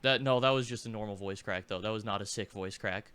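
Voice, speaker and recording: Young male podcast co-host with a sore throat, bright crisp tone, hesitant delivery. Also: on the low side. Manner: hesitant, halting, many restarts. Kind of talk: casual chat.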